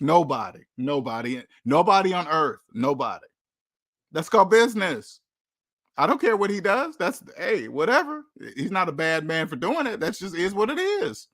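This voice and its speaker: A man's voice: sits high, big pitch swings, moderate pace, fairly bright tone, dry recording, studio quality. A man hosting a casual call-in chat, talking emphatically and repeating himself for effect, laughing often. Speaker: podcast host.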